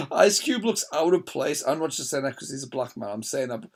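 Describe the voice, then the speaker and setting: A man's voice: medium pitch, animated, fairly quick. A man chatting casually through a film commentary from bed, rambling and laughing often. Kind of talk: casual chat. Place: lying in bed indoors.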